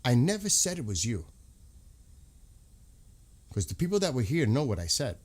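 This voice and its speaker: Hosting a casual livestream, an American man talks at a moderate pace in a medium-pitched, darkish voice with big swings in pitch. He is heated and repetitive, and he swears often.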